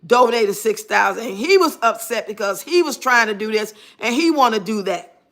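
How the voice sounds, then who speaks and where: Sharp, bright-voiced woman with blunt commentary. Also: a little high, lively intonation, normal speed. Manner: blunt, preachy, sarcastic. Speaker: commentary streamer. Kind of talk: reaction commentary.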